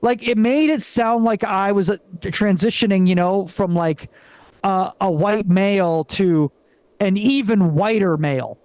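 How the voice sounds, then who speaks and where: A young stand-up comedian from Venezuela works the crowd with a halting delivery, stumbling through fillers and restarts. His voice sits fairly high for a man. It comes through a stage mic and sounds dry and close. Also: darkish tone, dry recording. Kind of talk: live stand-up set.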